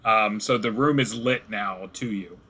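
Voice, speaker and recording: Bright-voiced man running a tabletop game. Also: fairly low pitch, a little slow, slightly rough. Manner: loose narration full of likes and ums. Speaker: game master.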